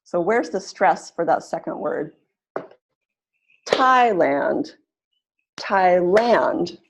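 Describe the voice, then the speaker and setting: A woman leading an online teacher-training webinar, speaking clearly and encouragingly and exaggerating the stress on words she models. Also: lowish voice, normal speed, darkish tone. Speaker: webinar facilitator.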